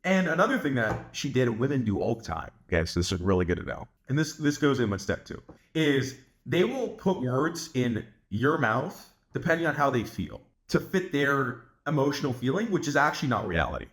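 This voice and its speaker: A man's voice: mid-range voice, sing-song, moderate pace, a bit bright, reverberant. A young man giving dating advice in a brash, boastful monologue, swearing often and filling his talk with "like". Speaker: dating coach. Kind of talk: casual monologue to camera.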